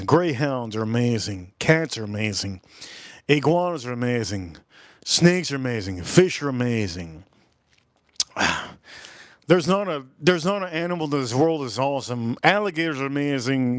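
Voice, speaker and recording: A young man hosting a livestream, chatting casually and rambling excitedly from one topic to the next. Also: mid-range voice, normal speed, no room sound, studio quality. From South Florida. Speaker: livestream host.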